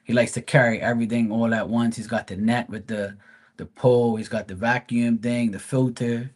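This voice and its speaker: A man's voice: medium pitch, level tone, normal speed. A man hosting a live stream, telling a casual story in a blunt, profane, rambling way.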